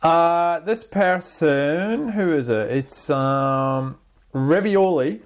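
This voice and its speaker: A man's voice: a little high, extremely slow. A man hosting a music podcast in casual chat, telling stories with animation and acting out the quotes. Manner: animated storyteller, acts out quotes. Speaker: podcast host.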